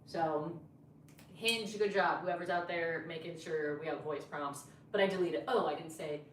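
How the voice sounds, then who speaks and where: A woman's voice: deep voice, normal speed, distant mic, a little hiss or hum. A woman comedian telling a story in a casual podcast chat, chatty and full of fillers. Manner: chatty, animated retelling with lots of fillers. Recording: echoey room, voice from off mic.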